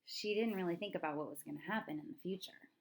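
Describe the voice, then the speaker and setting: A woman's voice: on the low side, fast. A woman teaching a third-grade reading lesson, talking chattily and thinking aloud, asking her young students questions as she goes. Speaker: elementary school teacher. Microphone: recorded lesson video.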